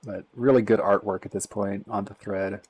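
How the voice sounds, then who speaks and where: A lowish male voice with a sarcastic, mocking edge as he reacts to posts on a live stream. He keeps a casual commentary going and breaks into laughs between remarks. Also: fairly even intonation, normal speed, a little mellow, breathy edge, low-quality recording.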